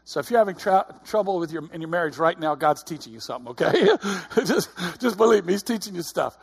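A middle-aged man delivers a sermon in an earnest, chatty way. His voice sits a little high with a husky edge. He often restarts and repeats his words. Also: expressive, fast talker. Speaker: preacher.

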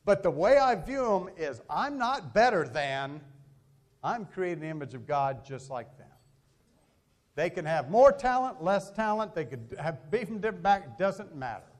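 High, lively-voiced male preacher. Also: normal speed. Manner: animated storytelling, acting out quoted voices. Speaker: pastor. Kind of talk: sermon.

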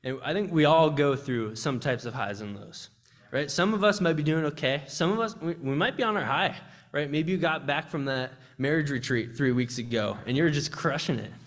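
A young campus ministry speaker gives a heartfelt testimony and sermon at a church service. His voice is fairly high and moderately paced, and he speaks earnestly, restarting often.

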